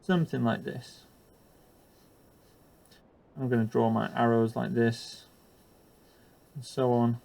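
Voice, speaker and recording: A man's voice: medium pitch, little pitch movement, slow, vocal fry, long pauses, a little mellow. A man explaining a chemistry lesson for teachers while drawing, hesitant with frequent ums and uhs and the odd self-deprecating aside.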